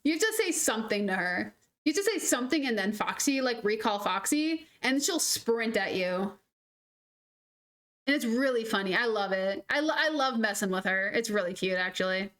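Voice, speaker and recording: Young woman, rambling streamer chat, slightly high voice, animated storyteller. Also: moderate pace. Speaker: gaming streamer. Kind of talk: casual chat while gaming.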